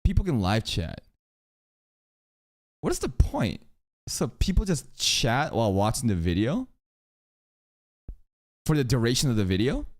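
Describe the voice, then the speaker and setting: Male streamer host with an animated pitch, loose and profane while chatting. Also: a little slow, pauses often. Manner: animated, swears freely, reacts and jokes with chat. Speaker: livestream reaction host. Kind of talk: casual livestream chat.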